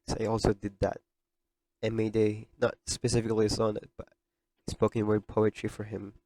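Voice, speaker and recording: Podcast host, young man, low register, tearful sincerity, dry close mic. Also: monotone, moderate pace, a little mellow, no echo. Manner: emotional, tearful, earnest. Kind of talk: heartfelt podcast monologue.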